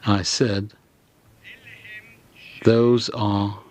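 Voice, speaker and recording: Slow, hesitant male lecturer. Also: on the low side, flat delivery, darkish tone. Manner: slow and hesitant, with frequent fillers and restarts. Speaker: lecturer on grammar. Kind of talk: halting lecture explanation.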